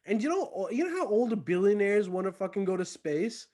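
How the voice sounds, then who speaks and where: Giggly male co-host with a high voice, rambling casual talk. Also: big pitch swings, brisk, a little mellow. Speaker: podcast co-host. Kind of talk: casual chat.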